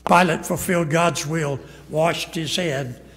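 A man's voice: on the high side, a little slow, fairly bright tone, long reverb tail. A man preaching a sermon as pastor, emphatic and acting out quoted lines. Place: church sanctuary.

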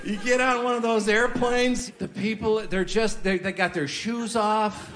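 During a live stand-up set in a comedy club, a high-pitched man speaks a little slowly with fairly even intonation, delivering a punchy story with mocking voices. The audience laughs and makes noise in the background.

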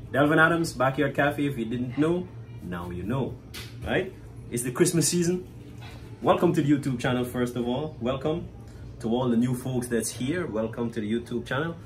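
Guyanese guy showing how to cook, easygoing chatty talk, keeps saying right?, mid pitch, bit of faint noise. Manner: chatty, often tags "right?". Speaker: cook and cafe owner. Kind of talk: casual cooking demonstration.

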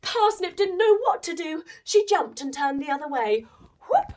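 Lady leading a kids yoga story, super lively sing-song voice, playful and expressive. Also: very high-pitched, normal speed. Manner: playful, expressive, guiding movements.

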